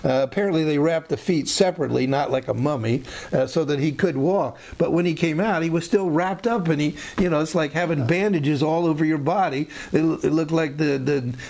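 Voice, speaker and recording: A man's voice: a little high, brisk, gravelly, few pauses, darkish tone. A man giving an informal Bible teaching in a conversational, rambling way, with frequent restarts and asides.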